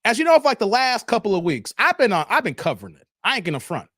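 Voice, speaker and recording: Animated high-voiced man hosting a live stream. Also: quick pace, no echo, studio quality. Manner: loose and animated, drops "man" often, answers chat comments; brash and defiant toward critics. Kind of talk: casual live-stream chat with viewers.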